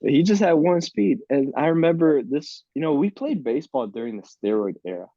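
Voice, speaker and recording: A man in his thirties from Miami, a podcast guest telling lively, laughing stories about his college baseball days. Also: on the high side, fairly quick, dry recording, dull audio. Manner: lively, laughing anecdotes with quoted voices. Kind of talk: casual storytelling on a podcast.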